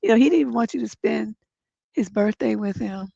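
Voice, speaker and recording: Blunt congested woman advice host, gravelly. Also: a little high, a little fast, dark tone, dry recording. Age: middle-aged. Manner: blunt, profane, gets emphatic when giving advice. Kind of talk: livestream advice chat, reading viewer letters. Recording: dull lo-fi stream audio.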